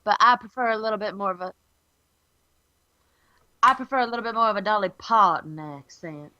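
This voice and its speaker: A woman's voice: mid-range voice, bright, forceful tone, muffled recording. A woman hosting a casual podcast chat, blunt and opinionated. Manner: blunt, opinionated, quick reactions. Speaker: podcast host.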